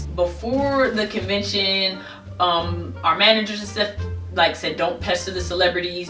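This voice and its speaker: A young woman telling a casual storytime, animated, bursting into high squeals when she quotes herself. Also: recorded from a distance. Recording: echoey room, voice a bit off-mic, faint music behind.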